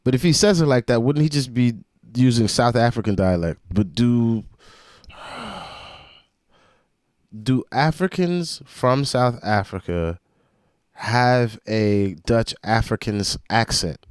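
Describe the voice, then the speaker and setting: A man in his young adult years, hosting a reaction video and picking apart rap lyrics in excitable, profane casual commentary. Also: mid-range voice, slow, long pauses, smooth, no echo, studio quality. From United States.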